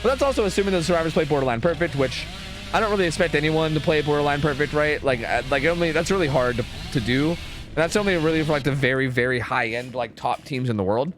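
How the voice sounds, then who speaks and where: A man streaming and casually commentating a competitive match, chatty and profane, thinking out loud. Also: a little high, fast.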